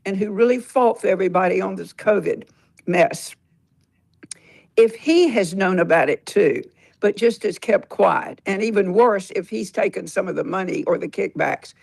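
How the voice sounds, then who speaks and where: A woman calling in to a live political audio chat, rambling and earnest with many pauses. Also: mid-range voice, animated, creaky, a little mellow. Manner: rambling, earnest, halting with fillers. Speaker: caller. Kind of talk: call-in comment on a live audio room.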